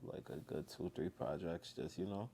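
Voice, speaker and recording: A man's voice: deep voice, moderate pace, dark tone, husky. A man from Haiti, a music artist talking as a guest in a loose, laid-back way. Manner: laid-back, loose, says "you feel me" a lot. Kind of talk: casual interview chat.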